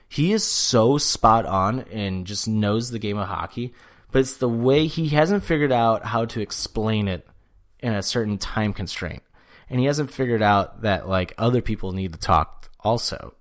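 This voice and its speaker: Casual man chatting on a podcast. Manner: animated storytelling, acts out quotes with jumps in pitch; swears freely, frequent "like". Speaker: podcast host. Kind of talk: casual sports chat.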